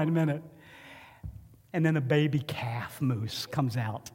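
A man preaching a sermon as pastor, telling a personal story in an emotional, animated way. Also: medium pitch, a little slow, pauses often, slightly rough, long reverb tail. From Ohio. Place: church.

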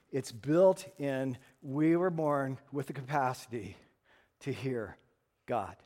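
A middle-aged man preaching a sermon as pastor, animated and playful, acting out little scenes for humor. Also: a little high. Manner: animated storyteller, acts out voices for humor.

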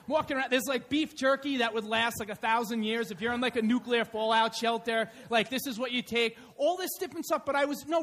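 A man preaching a conversational sermon in church, telling stories in an animated way. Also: very high-pitched. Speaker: pastor. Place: church sanctuary.

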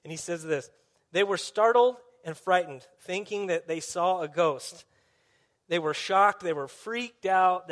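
High-voiced man preaching a sermon. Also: fairly bright tone. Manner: earnest, conversational storytelling. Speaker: pastor.

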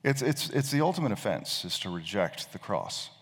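A man's voice: on the low side, big pitch swings, moderate pace. A male pastor preaching a sermon, telling a story and often repeating words as he thinks. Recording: long reverb of a large hall.

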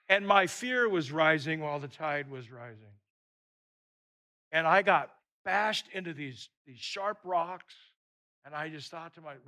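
A man preaching a sermon, telling a personal story in a lively way and often repeating words. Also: fairly high pitch, moderate pace.

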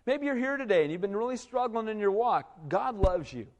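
Fairly quick and high-voiced, this pastor delivers his sermon in a church where the sound fills a big room. He keeps it animated and chatty, asking the congregation "right?" again and again.

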